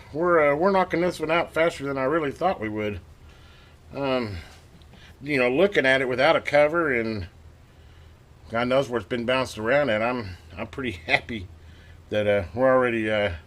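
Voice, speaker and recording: A man hosting a radio repair video, chatting casually and excitedly to viewers as he tests and works at his home workbench. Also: medium pitch, moderate pace. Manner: excited, rambling, talks to viewers while working. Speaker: radio repair channel host. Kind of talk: casual hands-on workbench narration.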